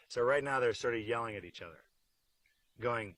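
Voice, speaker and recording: A middle-aged actor in a behind-the-scenes interview, joking wryly with deadpan asides. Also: male voice, medium pitch, normal speed, dry recording, rough recording. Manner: acts out silly voices mid-story.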